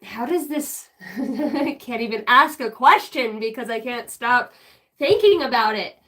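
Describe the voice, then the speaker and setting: A woman with a high voice talks slowly in a loose, rambling way on a spiritual livestream. She giggles often and drifts into humming snatches of old songs between her thoughts. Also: animated, fairly bright tone. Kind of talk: casual livestream channeling.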